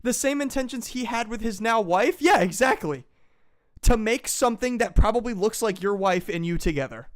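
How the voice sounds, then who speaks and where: A man's voice: high voice, brisk, few pauses. A man in a casual comedic chat, ranting crudely and with lots of swearing. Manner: crude, profane, animated ranting. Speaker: podcast co-host.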